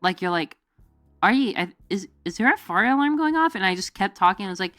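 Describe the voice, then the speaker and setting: A young-sounding woman streamer rambles through a casual chat with her viewers, full of fillers and giggles. She keeps breaking into silly voices to act out her stories, and her voice sits close and dry with soft music behind it. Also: mid-range voice, animated, a little fast, dry recording. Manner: rambling, filler-heavy, giggly, jumps into goofy quoted voices. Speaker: VTuber streamer. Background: faint background music.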